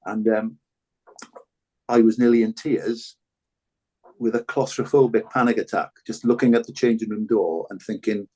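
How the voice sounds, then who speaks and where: Older Welsh male guest, low-pitched, hesitant and reflective. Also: fairly even intonation, darkish tone. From Wales. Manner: halting, repeats words and restarts often. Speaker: podcast guest, former rugby fullback. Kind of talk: reflective interview talk.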